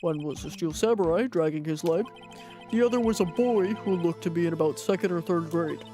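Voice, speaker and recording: A woman voicing a solemn old male judge who speaks slowly and formally. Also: lowish voice, mellow, soft background music, pitched below the performer's own voice, close to an everyday voice. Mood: measured.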